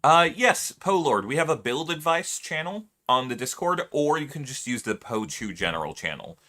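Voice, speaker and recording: Bright-voiced chatty male streamer. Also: mid-range voice, sing-song, normal speed. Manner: chatty, laughs often, trails off into musing. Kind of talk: casual chat with stream viewers.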